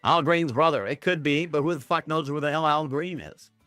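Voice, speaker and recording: A man's voice: fairly high pitch, fairly quick, fairly bright tone, no echo, faint music behind. A man hosting a rambling livestream from Canada, talking to his chat in a sarcastic, self-mocking way with plenty of swearing. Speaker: livestream host.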